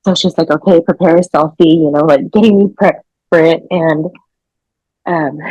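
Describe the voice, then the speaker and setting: Husky lady guest, low voice, dull lo-fi dry sound, chatty and excited. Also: normal speed, dry recording. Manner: excited, laughing, swears casually. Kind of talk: casual storytelling.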